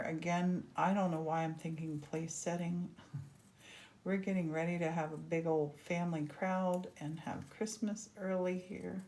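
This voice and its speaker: A woman's voice: on the low side, steady tone, a little slow, a little mellow. A woman hosting a casual crafting demonstration, chatty and gushing as she works. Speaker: craft host.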